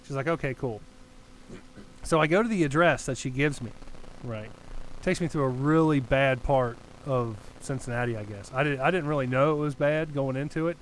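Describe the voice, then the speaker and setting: A man's voice: mid-range voice, normal speed, a little hiss or hum, poor audio. A young man telling a long story in casual podcast chat, rambling and swearing as he goes. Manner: rambling, profane, animated storyteller. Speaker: podcast co-host.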